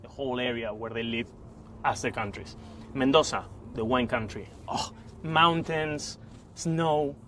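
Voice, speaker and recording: A man from Argentina who speaks English as a second language with an Argentine Spanish accent, chatting lively as a podcast guest, laughing often and searching for words. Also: mid-range voice, a little slow. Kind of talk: casual chat.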